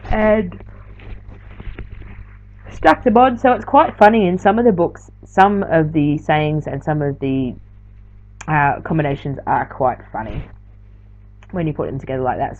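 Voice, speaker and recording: A woman's voice: fairly low pitch, a little hiss or hum. A tired woman, chatting casually through a late-night craft tutorial voiceover, rambling and correcting herself as she goes. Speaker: art journaling teacher. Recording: slightly dull lo-fi sound.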